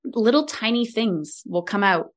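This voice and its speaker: Animated woman telling stories in an interview. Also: fairly high pitch, a little slow. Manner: animated storytelling, acts out quoted lines. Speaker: podcast guest, leadership coach. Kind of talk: conversational interview.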